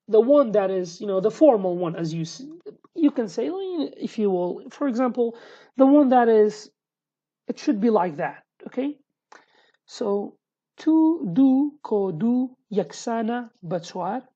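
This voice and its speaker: A woman with a Sulaymaniyah Kurdish accent, a native Kurdish speaker, teaching an online language lesson in English with many restarts and slow repeated examples. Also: mid-range voice, warm tone, husky, dull audio.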